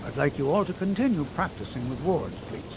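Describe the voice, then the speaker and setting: An actor playing a patient, kindly old male wizard teacher who lectures gently and a little fussily. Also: fairly high pitch, very animated, brisk, background noise. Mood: lecturing. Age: older. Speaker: magic instructor. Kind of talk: video game voice acting.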